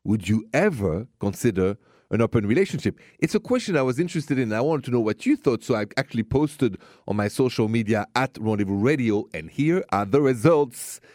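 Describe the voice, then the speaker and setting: A man's voice: mid-range voice, lively intonation, brisk, darkish tone, no echo, clean studio sound. A man with a thick French accent hosting a late-night call-in radio show about love, talking in a playful, romantic way. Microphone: studio microphone.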